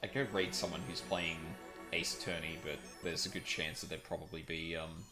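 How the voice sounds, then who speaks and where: A man's voice: deep voice, little pitch movement, moderate pace, music in the background. A man streaming, chatting casually and rambling with lots of fillers and self-corrections. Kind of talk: casual stream wrap-up chat.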